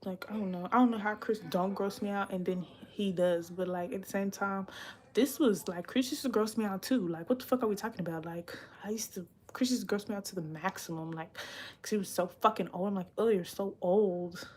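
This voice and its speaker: A young adult woman with a mid-range voice talks fairly quickly as she hosts a casual, confessional livestream. She's blunt and swears freely, rambling along and now and then dropping to a whisper.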